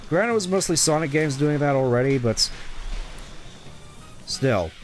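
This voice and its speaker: A male streamer with a somewhat high voice, rambling and thinking aloud as he plays. Faint game music sits behind his close desk-mic sound. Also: expressive, a little slow. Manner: rambling, musing. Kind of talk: gameplay commentary.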